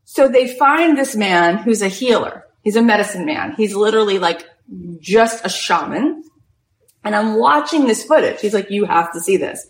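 A woman coach tells stories in an animated, conversational way, dropping "like" into nearly every phrase. Her voice sits at an ordinary middle pitch. The room around her rings with a noticeable echo. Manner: animated, frequent "like" fillers. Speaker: spiritual coach and host. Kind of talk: inspirational storytelling talk. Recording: roomy echo.

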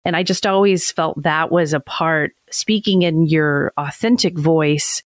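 A woman in her forties talks in a casual, reflective way and laughs easily. Her voice sits on the low side and comes through close and dry, with no room sound. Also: unhurried, no echo. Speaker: podcast co-host. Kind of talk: casual conversation.

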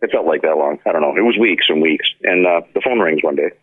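A man with an extremely low voice talks quickly in a dry recording that sounds tinny, like a phone line. He's an effects pedal maker appearing as a guest in a casual interview, telling stories with animation and acting out the voices of the people in them.

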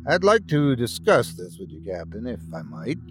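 Give me a courteous, reasonable alien beast, as a male narrator puts it on, with a lively up-and-down voice. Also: on the low side, normal speed, music in the background. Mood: courteous calm. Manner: genteel and reasonable. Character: large, polite, talking alien creature.

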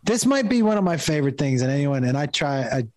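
Fast and sing-song, a middle-aged comedian guest's slightly high, a little mellow voice carries an animated funny story. He laughs a lot along the way and imitates the voices of the people he describes.

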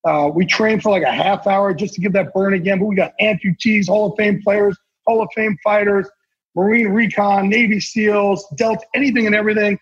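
Talking a little fast in a husky, high-pitched voice with fairly even intonation, a sportswriter and NFL insider guests on a casual podcast. He comes across as earnest and intense, with salty language, over a dull lo-fi recording.

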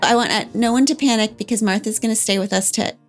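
A woman's voice: on the high side, quick pace, over music. A woman, the podcast host, guiding a casual chat in a friendly way.

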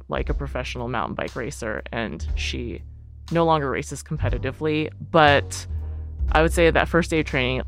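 A woman's voice: low voice, fairly bright tone. A woman telling a personal story in a casual, chatty way, full of fillers and light laughter. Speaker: guest, writer and athlete.

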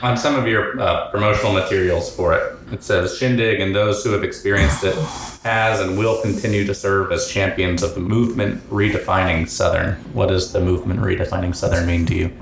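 A man's voice: low voice, steady tone, brisk, creaky. A man hosting a podcast interview, asking questions and giving brief affirmations to his guest. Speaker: interviewer host. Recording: very echoey room with faint background noise.

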